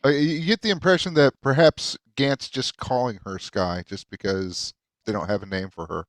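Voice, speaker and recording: A man running a tabletop game, narrating in a halting way with lots of fillers. His voice is mid-pitched and the sound is dry and close. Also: steady tone, dry recording. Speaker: game master.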